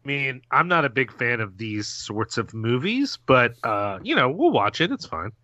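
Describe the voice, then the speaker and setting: A man's voice: mid-range voice, big pitch swings, normal speed, sharp tone. A man co-hosting a podcast, with dry, understated remarks. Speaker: podcast co-host. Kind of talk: casual banter.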